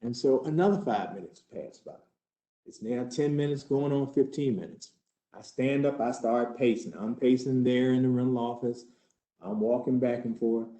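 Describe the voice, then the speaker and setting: Dark-voiced man telling a case story. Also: medium pitch, moderate pace. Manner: earnest, conversational, building tension. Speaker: trainer acting out a case study. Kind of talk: first-person role-play storytelling. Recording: roomy hall.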